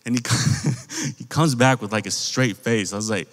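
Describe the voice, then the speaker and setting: In a church youth hall, an American youth pastor preaches to a youth group, telling stories casually and speaking straight to the kids. His voice is fairly low and a bit bright, at a moderate pace, and the large hall adds long reverb.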